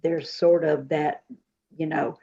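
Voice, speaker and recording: A woman, a psychic and Reiki practitioner, talking in an unhurried, soft-spoken way as an interview guest. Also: sits low, steady tone, vocal fry, highs cut off. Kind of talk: casual interview talk.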